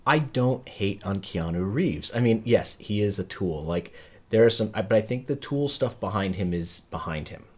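A man's voice: fairly low pitch, animated, moderate pace. A man co-hosting a podcast, chatting casually and jokily about movies in a rambling way. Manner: rambling, jokey film chatter. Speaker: podcast co-host. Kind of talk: casual chat.

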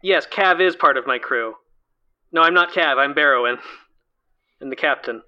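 A man's voice: a little high, normal speed, lightly acted. Man doing a flustered ship captain. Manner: flustered, hesitant. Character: harried male starship captain paying the bills. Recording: dull, lo-fi sound.

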